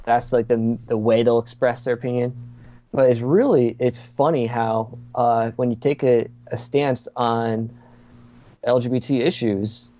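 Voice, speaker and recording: A man's voice: mid-range voice, fairly even intonation, unhurried, dark tone. A man talking as a podcast guest in a casual chat, earnest and hesitant, with many fillers. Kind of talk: casual conversation. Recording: dull lo-fi sound.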